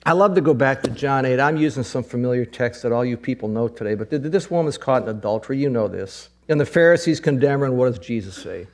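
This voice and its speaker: A middle-aged man preaching a sermon, emphatic, repeating phrases and rising to high excited peaks. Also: quick pace, hardly any pauses. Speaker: pastor.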